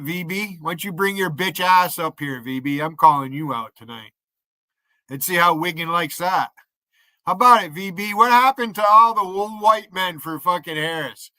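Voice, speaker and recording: A man's voice: high-pitched, pushed and bright, dry recording. A man in his fifties from the United States, ranting profanely on a live stream and taunting rivals to come on. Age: 50s. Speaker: livestreamer.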